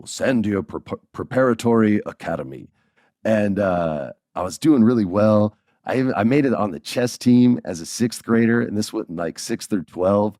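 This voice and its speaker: A man in his forties hosting a podcast, telling stories in a lively, joking way and laughing as he goes. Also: lowish voice, dry recording, clean studio sound. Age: 40s. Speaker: podcast host. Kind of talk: casual storytelling podcast.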